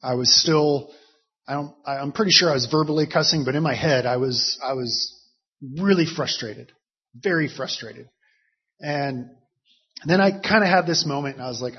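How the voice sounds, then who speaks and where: A man's voice: medium pitch, normal speed, slightly rough. A man telling a personal story in a rambling, casual way, full of fillers and little laughs. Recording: muffled lo-fi recording.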